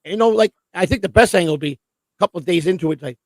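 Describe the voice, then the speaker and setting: Fast-talking, profane male stream host. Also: high voice, dry recording. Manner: rambling, profane, excitable. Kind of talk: casual livestream chat.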